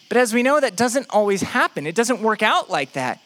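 A man's voice: sits high, fairly quick, hardly any pauses. A young man preaching a sermon, speaking straight to the congregation with joking asides and acting out imagined prayers. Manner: animated, acts out imagined prayers and quotes.

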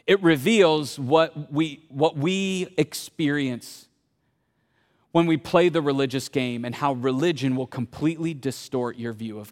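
A man preaching a sermon in a conversational way, asking the audience questions and swinging between loud bursts and hushed tones. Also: mid-range voice, long reverb tail. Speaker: pastor.

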